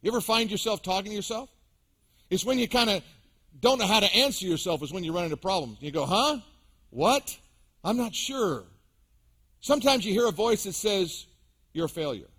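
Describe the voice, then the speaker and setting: Man, pastor, higher-pitched voice, preaching sermon, emphatic rises and drops, addressing congregation. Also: quick pace, fairly bright tone, slightly rough. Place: church sanctuary.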